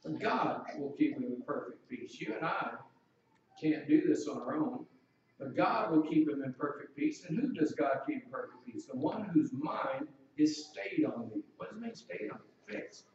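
A man's voice: a little high, expressive, normal speed, darkish tone, heavy reverb, distant mic, muffled recording, slight background noise. A man preaching a sermon in a conversational way, asking the congregation questions.

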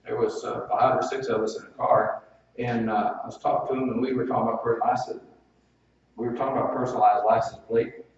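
A man's voice: mid-range voice, little pitch movement, brisk, vocal fry, a little mellow, far from the mic. Male preacher, folksy storytelling sermon, very echoey church, dull muffled sound. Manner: folksy, conversational storytelling with asides. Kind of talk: sermon with personal anecdotes.

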